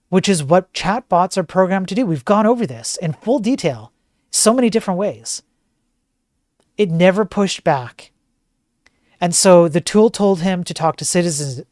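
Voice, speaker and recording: A man's voice: fairly high pitch, a little mellow, no echo. Sarcastic male streamer, dry sound. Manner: sarcastic, joking. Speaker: host. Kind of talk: streamed commentary.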